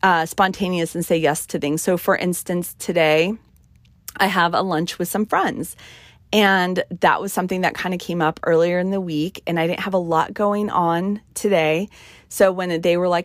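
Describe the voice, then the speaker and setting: A middle-aged woman talks through her podcast in a chatty, emphatic way, leaning on ums as she goes. Her voice sits on the low side. The sound is dry, with almost no room. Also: steady tone, normal speed, dry recording. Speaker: podcast host. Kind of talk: casual solo podcast talk.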